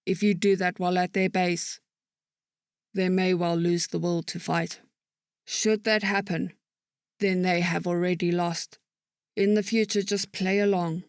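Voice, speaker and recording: A man's voice: high-pitched, flat delivery, a little slow, clear, resonant tone, no echo, clean studio sound, voice pushed up. A man voicing a stern female lieutenant. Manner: clipped, authoritative. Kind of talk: audiobook narration.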